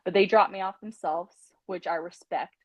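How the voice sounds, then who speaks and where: A woman, a podcast guest, telling a candid personal story in an animated way, laughing often and acting out what people said. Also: fairly low pitch, normal speed, dry recording. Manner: animated, laughing, acts out quotes. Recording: dull lo-fi dry sound.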